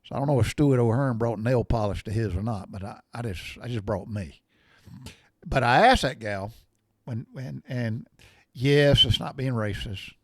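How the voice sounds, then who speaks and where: A man's voice: mid-range voice, animated, moderate pace, dry recording, studio quality. A man in his sixties chatting casually to his viewers, folksy and rambling, wandering off on tangents. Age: 60s. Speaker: vlogger. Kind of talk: casual chat.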